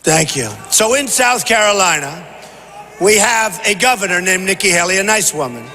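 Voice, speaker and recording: A man giving a campaign rally speech in a large convention hall, punchy and repetitive, often shouting. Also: sits high, lively intonation, normal speed. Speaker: presidential candidate. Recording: long hall reverb, faint noise.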